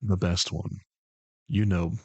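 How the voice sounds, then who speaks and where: A sultry, deep-voiced male charmer, put on by a streamer, speaks in slow, low, coaxing tones full of doting praise. His voice sits low and close on a dry, deadened mic with no room sound. It is a live stream persona bit. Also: little pitch movement, gravelly, slightly rough, dry recording, heavily acted.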